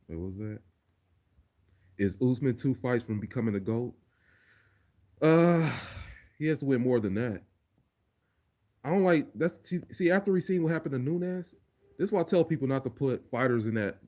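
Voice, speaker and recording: A man's voice: medium pitch, a little mellow. A man answering viewer questions on a casual livestream, laid-back and profane, often repeating words as he thinks. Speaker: livestreamer and remix producer.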